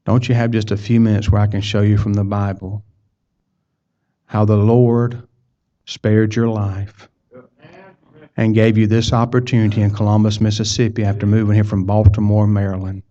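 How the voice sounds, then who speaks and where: A man's voice: fairly low pitch, level tone, moderate pace, warm tone. A man preaching a sermon, telling a personal story in a folksy way and repeating words as he goes. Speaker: pastor. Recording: dull lo-fi sound.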